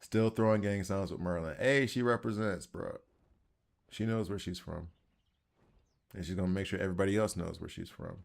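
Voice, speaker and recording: A man's voice: sits low, moderate pace, vocal fry. A man with a Southern accent giving casual, rambling commentary while he plays a video game. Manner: rambling, self-deprecating, chatty. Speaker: gaming channel host.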